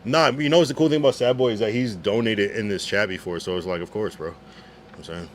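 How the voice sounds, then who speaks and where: A man's voice: lowish voice, fast, a little hiss or hum. A man streaming live, reading chat messages aloud in a laid-back, slangy way. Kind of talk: casual livestream chat.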